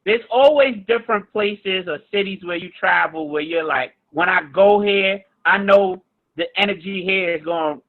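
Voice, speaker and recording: A man co-hosting a podcast who asks a thoughtful question in a measured way. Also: sits high. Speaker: podcast co-host. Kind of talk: casual interview question. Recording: phone-like thin audio.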